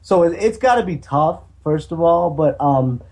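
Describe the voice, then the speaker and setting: A man's voice: fairly high pitch, expressive, moderate pace, darkish tone. A man co-hosting a podcast, rambling hesitantly about a film's actress and swearing casually. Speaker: podcast co-host. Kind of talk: casual movie review chat.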